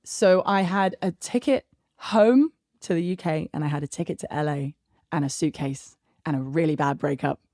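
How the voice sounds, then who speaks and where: Woman w a southern english accent, bit low voice, chatty and laughy, dry close mic. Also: moderate pace, dry recording. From England. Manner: chatty, laughs often, animated storytelling. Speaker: guest songwriter. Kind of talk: casual interview chat.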